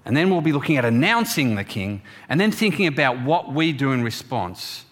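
A man's voice: medium pitch, big pitch swings, brisk. A man giving a chatty sermon in church, engaging the congregation with questions. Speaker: preacher.

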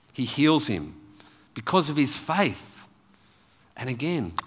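A man preaching a sermon in a church, telling the story with lively, animated delivery. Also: medium pitch, long reverb tail.

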